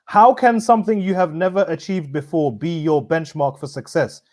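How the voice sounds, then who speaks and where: A man's voice: fairly high pitch, animated, moderate pace, a little mellow. A man arguing his point in a football debate, repeating himself as he pushes on. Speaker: fan panelist.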